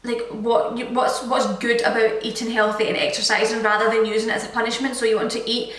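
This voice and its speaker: A woman's voice: on the high side, flat delivery, fast, fairly bright tone, recorded from a distance. A young Scottish woman in her twenties, a fitness vlogger chatting casually through a Q&A with lots of filler words. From Scotland. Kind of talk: casual Q&A chat. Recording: echoey room, voice from the mic.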